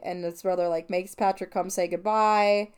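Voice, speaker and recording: A woman's voice: on the low side, steady tone, normal speed, clean tone. A young adult woman hosting a podcast, retelling a film in a rambling, casual recap full of fillers. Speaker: podcast host.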